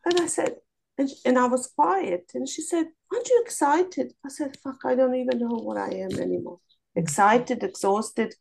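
A woman sharing her struggles candidly on a video call, blunt and animated, swearing freely. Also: high voice, normal speed, creaky, slight background noise, rough recording. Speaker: coaching group participant.

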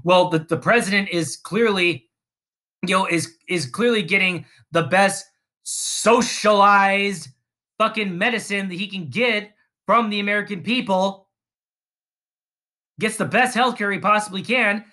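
Ranting podcast host, angry and profane, rambling, bright and forceful tone. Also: male voice, high voice, measured pace. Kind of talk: political rant.

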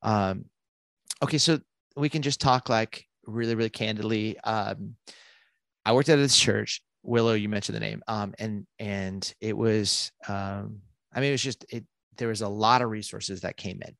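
Man, podcast guest, animated storytelling, lots of fillers, close dry sound. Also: on the low side, creaky, dry recording. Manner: animated, quick bursts with many fillers and restarts. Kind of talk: casual storytelling.

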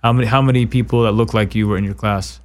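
A man hosting a casual interview podcast, talking animatedly with quick asides and frequent laughter. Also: on the low side, fairly even intonation. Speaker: podcast host.

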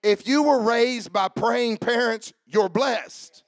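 A man preaching a sermon as pastor, shifting between shouted, rhythmic runs and a lower conversational tone, with jokes for the congregation. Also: takes it slowly, no room sound. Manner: joking with the congregation.

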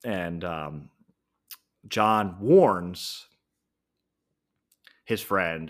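Low-voiced man rambling through a review. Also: sing-song, extremely slow, pauses often, fairly bright tone. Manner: casual, thinking aloud with many ums and self-corrections. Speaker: podcast host. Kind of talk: solo podcast review.

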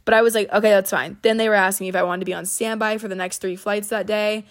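A woman's voice: medium pitch, fairly even intonation, fast. A young woman hosting a podcast, telling a rambling story in casual chat, swearing often and saying "like" a lot, emotional at the moment. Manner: profane, rambling, heavy use of "like". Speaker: podcast host.

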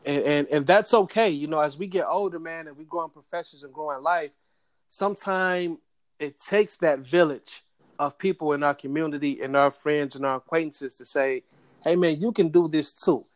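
A man hosting a laid-back podcast, his voice a touch high for a man. He talks motivationally and drops in easy slang like "man" and "bro." The recording is dry and close to the mic. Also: moderate pace, dry recording. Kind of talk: casual chat.

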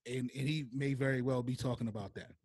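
A man's voice: medium pitch, fairly even intonation, fast talker, a little mellow, dry recording. A man on a podcast speaking earnestly and openly about hard times he went through. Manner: earnest, opens up about personal struggles. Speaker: podcast guest. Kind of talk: casual podcast chat.

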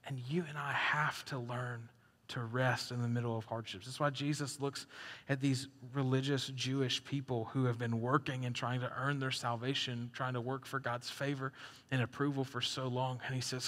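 A young adult man preaching a sermon as a pastor, animated, dropping to a hush and rising loud, acting out the quotes he reads. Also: medium pitch. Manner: animated, swings from hushed to loud, acts out quotes. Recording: echoey hall reverb.

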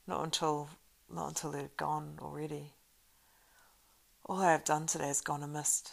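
A woman reading a story aloud and voicing a grave, weary man who leads the group, speaking in solemn, measured old-fashioned phrases. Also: low-pitched, level tone, gravelly, heavily acted.

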